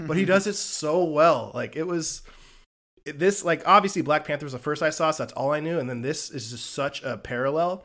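Animated man retelling films casually. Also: fairly high pitch, a little fast. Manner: animated storytelling with quoted lines. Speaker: podcast co-host reviewing films. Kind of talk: casual chat.

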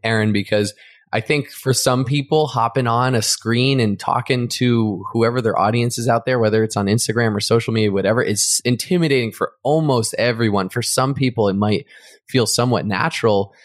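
A man's voice: mid-range voice, a little fast, no room sound, clean studio sound. A man co-hosting a podcast, speaking in a reflective, earnest way in a casual interview. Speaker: podcast co-host.

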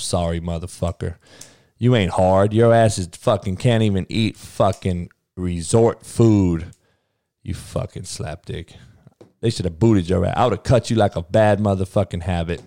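A man's voice: deep voice, darkish tone, clear, resonant tone, no room sound, studio quality. A middle-aged man hosting his own podcast, talking in a brash, profane, rambling way and tacking "man" onto his sentences. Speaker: podcast host. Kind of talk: casual solo podcast rant.

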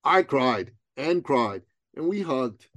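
Animated middle-aged man telling a story. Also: slow, no room sound. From Iran. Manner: animated storyteller, acting out quotes with big pitch jumps. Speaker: business coach and author. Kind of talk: storytelling in an interview.

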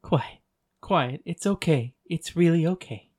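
A voice actor playing an ancient goddess who speaks in a calm, soothing and measured way. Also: mid-range voice, lightly acted. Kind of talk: audiobook dialogue reading.

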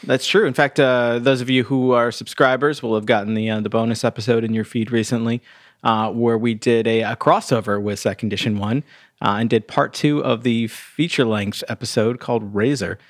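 Um homem co-apresentando um podcast em conversa casual, falando de forma solta e com hesitações. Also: male voice, medium pitch, brisk, no room sound, clean studio sound. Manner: relaxed, conversational, with filler words. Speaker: podcast co-host.

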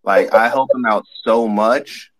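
A man's voice: medium pitch, a little slow, low-quality recording. A man joining a casual live audio chat, teasing and mock-scolding one of the hosts.

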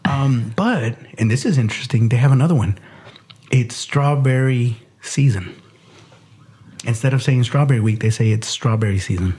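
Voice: mid-range voice, normal speed, mellow, breathy edge. A podcast co-host in casual chat, hesitant and full of restarts, laughing often.

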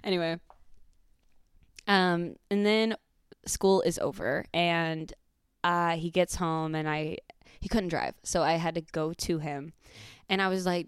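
Young woman, podcast host, chatty and animated, swears freely; low, smooth, dry-recorded voice. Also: a little slow, no echo. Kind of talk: casual storytelling chat.

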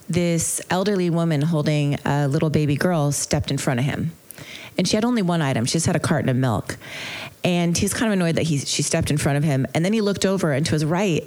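Her voice sits low as she teaches at a mindfulness retreat. During the lecture she relates a story in an earnest, reflective manner, pausing gently now and then.

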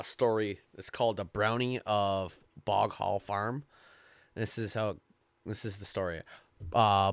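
A man hosting a casual podcast, reading folk tales aloud slowly with frequent fillers and stumbles and the odd curse. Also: on the low side, clean tone, no echo. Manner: slow, stumbling read-aloud with filler and cursing. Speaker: podcast host. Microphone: close podcast mic.

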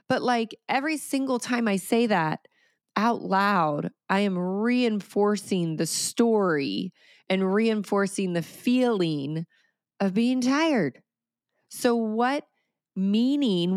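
Energetic woman podcast host, dry close sound. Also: mid-range voice, clean tone, no room sound. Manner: energetic, animated storytelling with quoted asides. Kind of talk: solo podcast talk.

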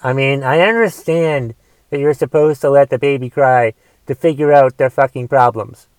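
A man's voice: mid-range voice, normal speed, a little mellow, smooth, dry recording. A man delivering a solo rant, exasperated and swearing often as he talks. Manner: profane, exasperated ranting with restarts.

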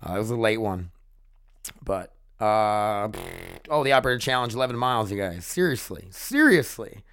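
Rambling, excitable man vlogging. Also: on the low side, normal speed, clean tone. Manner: rambling, excitable, swears freely. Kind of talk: casual chat to camera.

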